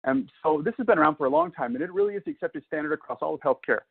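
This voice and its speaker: A man's voice: on the high side, wildly swooping pitch, racing, vocal fry, slightly rough. A man presenting a webinar lecture, explaining step by step in a conversational way with frequent fillers. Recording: tinny phone-like audio.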